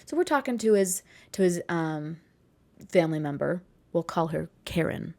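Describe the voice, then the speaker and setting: Young woman, twenties, casual storytime vlog, rambling with asides, slightly low voice. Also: animated, moderate pace, vocal fry, darkish tone. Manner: chatty, rambling, with asides and self-corrections. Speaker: vlogger.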